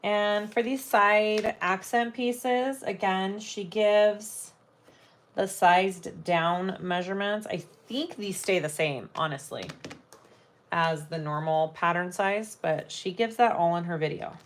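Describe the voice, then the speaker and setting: A woman's voice: medium pitch, takes it slowly, a little hiss or hum. A woman hosting a live sewing stream, thinking aloud as she works and chatting with viewers. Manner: thinks aloud while working, chats with viewers. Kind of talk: casual live sewing chat.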